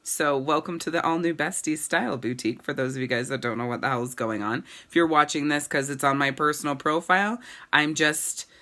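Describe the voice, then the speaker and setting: Bright-voiced, gushing woman talking candidly. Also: low-pitched, a little fast. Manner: candid, gushing, swears casually. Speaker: boutique owner and sales consultant. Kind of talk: casual live video talk to followers.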